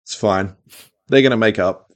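Deep-voiced man rambling through casual podcast chat. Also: normal speed, no echo. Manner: rambling, animated, self-interrupting. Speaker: podcast host.

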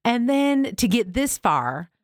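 A woman in her thirties co-hosting a casual podcast chat, lively and quick to laugh, acting out what others said. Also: fairly high pitch. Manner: animated, laughs often, acts out quotes. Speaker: podcast co-host.

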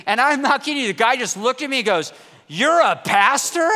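High-voiced bright male pastor. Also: fast talker, big-room sound. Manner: conversational and self-deprecating, repeats words. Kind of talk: sermon.

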